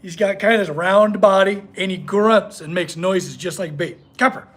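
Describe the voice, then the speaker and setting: A man's voice: high voice, moderate pace, fairly bright tone, slight background noise. A man hosting a casual livestream from his workshop, chatting with viewers and talking to his dog. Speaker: blacksmith livestream host.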